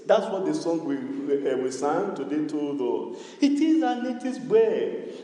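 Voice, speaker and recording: Male pastor, high animated pitch, unhurried call-and-response sermon, church hall echo with long reverb. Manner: call-and-response preaching, repetitive, sing-song cadence.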